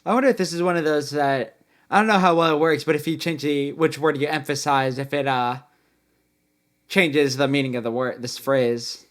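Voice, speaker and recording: Reaction host: a man with a slightly high voice, musing casually on riffs and phrasing. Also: steady tone, moderate pace. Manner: musing, comments on guitar parts between songs.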